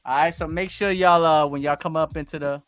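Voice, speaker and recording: A man hosting a live stream, chatting casually with loud, laughing banter. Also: a little high, steady tone, brisk, clear, resonant tone, faint music behind. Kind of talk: casual chat.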